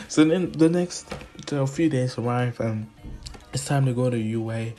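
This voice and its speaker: A man's voice: mid-range voice, measured pace, darkish tone. A man casually retelling a fan-made anime story, rambling and doing voices for the characters. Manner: rambling, laughing to himself, does voices.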